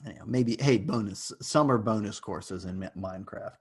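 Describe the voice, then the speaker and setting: A man's voice: lowish voice, moderate pace, husky. A male university lecturer giving an online class in a casual, joking way, rambling with fillers and asides.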